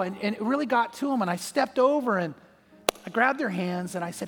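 A man's voice: high-pitched, expressive, fairly quick, creaky, in a large hall, soft background music. A man preaching a sermon as pastor, telling a personal story and acting out the voices in it. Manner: storytelling, acts out voices in anecdotes.

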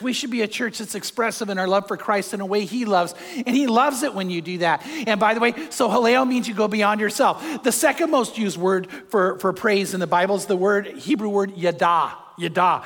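An older man, a pastor and grandfather, preaching a sermon with animated storytelling and acted-out quotes. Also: high voice, fairly quick, few pauses. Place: church hall with long reverb. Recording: reverberant hall.

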